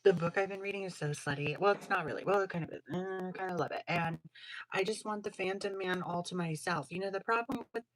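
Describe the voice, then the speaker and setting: A woman's voice: fairly low pitch, quick pace. A woman hosting a casual livestream, chatting in a sassy, slangy way while crafting jewelry. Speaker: livestream host.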